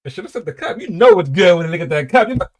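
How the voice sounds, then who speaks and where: A man hosting a casual reaction video, talking in an animated, profane way and laughing often. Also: sits high, rapid-fire. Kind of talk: casual reaction commentary and storytelling.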